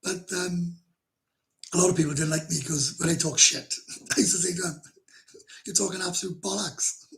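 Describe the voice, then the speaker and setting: A middle-aged Welsh man with a gravelly voice, pitched a bit high for a man. He hosts a casual livestream and chats with viewers in a blunt, rambling way. He swears freely and laughs often. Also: fairly even intonation, normal speed, a bit bright. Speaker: livestream host. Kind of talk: casual livestream chat, reading comments.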